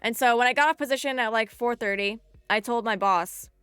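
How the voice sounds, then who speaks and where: A young woman on a live stream tells a story in a bright, crisp voice, animated and chatty, with plenty of "like" thrown in. Her higher voice sounds dry and close, with faint music running underneath. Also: a little fast, no echo.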